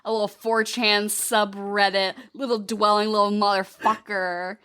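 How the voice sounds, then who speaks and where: A woman co-hosting a podcast in casual chat, animated and swearing freely, her voice jumping high when she gets excited. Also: a little slow, clean tone. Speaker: podcast co-host.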